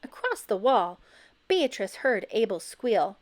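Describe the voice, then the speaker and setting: A woman reading a children's picture book aloud, expressive and breaking into loud high calls for the characters. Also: slow pace. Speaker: storybook reader.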